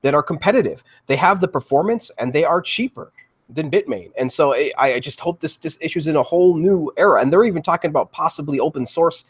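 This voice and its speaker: A man's voice: on the high side, expressive, quick pace, husky. A man talking eagerly on a live panel show, with frequent restarts and repeated words. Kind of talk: casual crypto panel talk.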